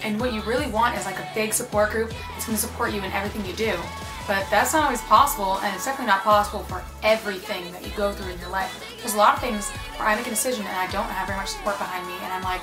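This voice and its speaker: A young woman talking casually and earnestly, giving encouraging self-help advice. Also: medium pitch. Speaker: advice speaker. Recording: echoey room with faint music.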